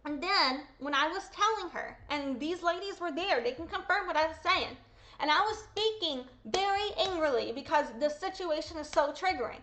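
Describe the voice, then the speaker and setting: A woman's voice: very high-pitched, animated, moderate pace, sharp tone. A woman talking straight to her viewers in an upset, blunt personal callout, swearing and repeating quotes. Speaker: vlogger. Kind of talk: angry personal callout vlog.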